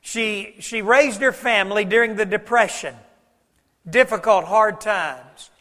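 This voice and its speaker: A man preaching a sermon, telling folksy stories and dropping his voice low for emphasis. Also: measured pace, bright, forceful tone, in a large hall. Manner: folksy storytelling preacher, varies volume for emphasis. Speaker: pastor.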